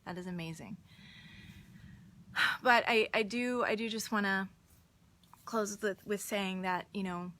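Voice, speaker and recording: An earnest woman talks straight to her viewers in a casual, encouraging tone. She tells personal stories at an easy pace, her pitch sitting in an ordinary middle range, and she often repeats a word as she restarts a thought. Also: fairly even intonation, a little slow, long pauses. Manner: earnest, warm-hearted, restarts words, storytelling. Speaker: motivational speaker hosting a live stream. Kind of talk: casual motivational talk.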